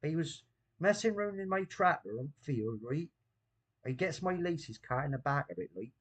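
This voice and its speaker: A man's voice: a little high, expressive, moderate pace. A man voicing a grumbling old West Country farmer in a put-on Bristol accent, rambling and indignant.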